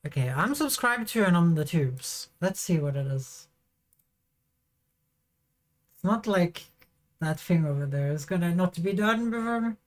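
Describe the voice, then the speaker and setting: A woman's voice: on the low side, expressive, measured pace, long pauses. Giggly, rambling woman streamer from Sweden. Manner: rambling, giggly, swears freely. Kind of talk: casual livestream chat.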